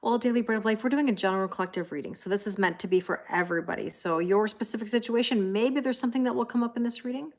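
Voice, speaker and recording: A woman's voice: mid-range voice, fast talker, hardly any pauses. A woman, a tarot reader chatting casually on a live stream, laughing often and reading viewer comments aloud. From Canada.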